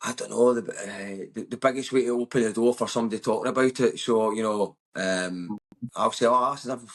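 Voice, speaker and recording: This guest is a thirties-aged Scottish comedian from the West of Scotland, his lowish voice brisk and fairly even in intonation. He's candid, blunt and emphatic, swearing often throughout the conversation.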